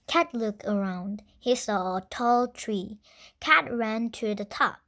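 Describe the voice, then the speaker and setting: A woman reading a children's storybook aloud, slow, clear and deliberate. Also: a little high, lively intonation, fairly bright tone, slight background noise.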